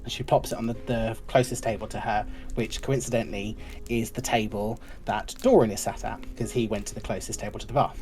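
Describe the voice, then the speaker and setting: A woman narrating a tabletop game as game master, in a lively, playful way. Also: a bass voice, fairly quick, faint music behind.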